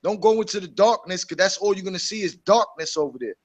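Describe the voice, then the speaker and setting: A man in casual gaming chat, preachy and animated. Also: high voice, fast. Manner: animated, preachy, mocks others in a put-on voice. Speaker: co-host.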